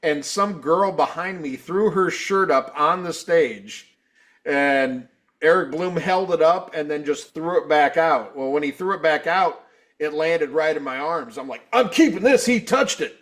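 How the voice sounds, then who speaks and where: A man co-hosting a podcast, telling rambling, profane stories in casual chat and acting out quotes loudly. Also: a little high, unhurried. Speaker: podcast co-host.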